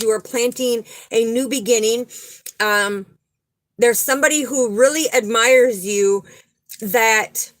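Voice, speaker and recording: Addressing the viewer straight on, this woman delivers a psychic card reading that is earnest and calming, leaning on repeated key words. Her pitch is fairly high, and the rough recording carries no echo.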